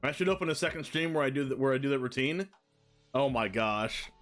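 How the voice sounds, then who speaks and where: A man chatting casually on a live stream, thinking aloud in quick rambling asides while building a card deck. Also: mid-range voice, expressive, fairly bright tone, faint music behind.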